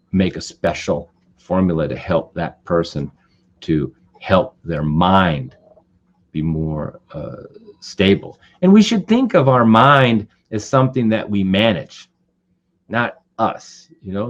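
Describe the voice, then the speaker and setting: A man teaching an online class as an Ayurvedic doctor and herbalist, talking conversationally with many "you know" fillers and animated storytelling. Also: on the low side, dull audio. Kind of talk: online webinar lecture.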